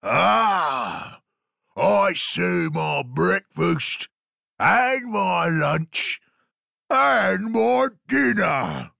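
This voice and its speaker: A man voicing a hungry male troll guarding a bridge in a storybook read-aloud, shouting in a drawn-out growl. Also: high-pitched, sing-song, gravelly, no echo, clean studio sound, full character voice. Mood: menacing, greedy.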